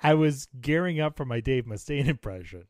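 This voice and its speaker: A man's voice: medium pitch, brisk, no echo, studio quality. A man hosting a casual podcast, joking and laughing often as he chats with a guest. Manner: jokey, laughs often, lively banter. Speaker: podcast host; teacher.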